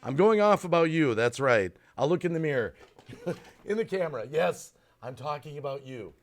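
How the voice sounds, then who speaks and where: A man's voice: fairly high pitch, lively intonation, normal speed. A man hosting a casual live stream chat, worked up and ranting while apologizing for cutting in on his guests.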